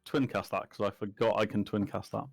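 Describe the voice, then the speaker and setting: Easygoing low-voiced player. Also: male voice, little pitch movement, fairly quick, vocal fry, faint music behind. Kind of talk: casual game chat.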